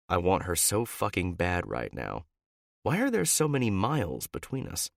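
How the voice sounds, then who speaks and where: Low-voiced expressive male narrator. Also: normal speed, creaky, no room sound, clean studio sound. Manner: expressive, dramatic delivery. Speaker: audiobook narrator. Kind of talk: first-person romance narration.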